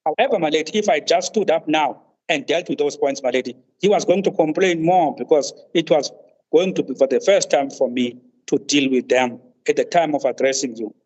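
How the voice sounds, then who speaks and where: A man, counsel at a tribunal, making a formal legal argument, deferential and halting, saying "my lady" at almost every turn. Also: a little high, a little mellow. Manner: deferential, says "my lady" constantly, halting restarts. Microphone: video call. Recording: muffled video-call audio.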